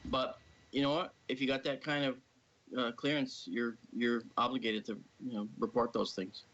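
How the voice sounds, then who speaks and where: A man telling a long personal story casually on a live stream, animated and acting out the people he quotes. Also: mid-range voice, moderate pace. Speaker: guest. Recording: dull lo-fi stream audio.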